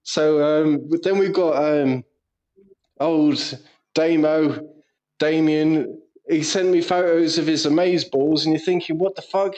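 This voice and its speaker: A man's voice: fairly high pitch, fairly even intonation, takes it slowly, darkish tone, highs cut off. A man co-hosting a casual podcast, telling stories with lots of swearing and laughter. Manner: sweary, giggly storyteller. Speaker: podcast co-host. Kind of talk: casual chat.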